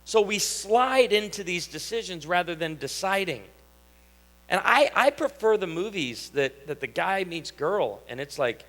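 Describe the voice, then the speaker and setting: A man in his thirties with a high, light voice preaches with a drawl, swinging into lively storytelling as he acts out family dialogue. His sermon carries through a church hall with a long, lingering reverb. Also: moderate pace. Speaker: pastor. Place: church sanctuary.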